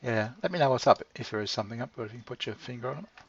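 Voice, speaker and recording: Racing along in an animated, medium-pitched voice, a middle-aged channel host rambles to his pet, swearing freely and chuckling often. The dull lo-fi recording carries slight background noise.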